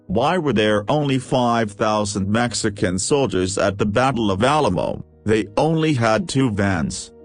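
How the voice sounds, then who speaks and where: A man reading a list of jokes aloud, with a steady question-and-punchline delivery. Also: lowish voice. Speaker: joke reader.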